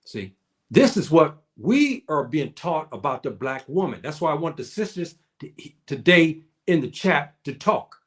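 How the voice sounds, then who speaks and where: Man, African American accent, preacherly online lecture, higher voice. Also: big pitch swings, a little slow. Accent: African American English. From United States. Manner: preacherly, repeats "brothers and sisters" and "okay". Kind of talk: spoken lecture to online viewers.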